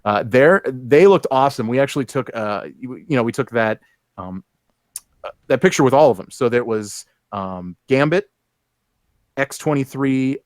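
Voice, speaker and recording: A man co-hosting a casual chat show, rambling and halting with many fillers and restarts. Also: mid-range voice, expressive, dry recording. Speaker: co-host.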